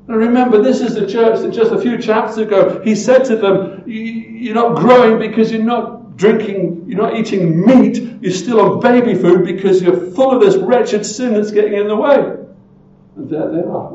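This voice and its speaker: A man preaching a sermon as pastor, emphatic and full of rhetorical questions, often swinging from loud to hushed. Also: sits high, moderate pace, roomy sound, highs cut off, a little hiss or hum.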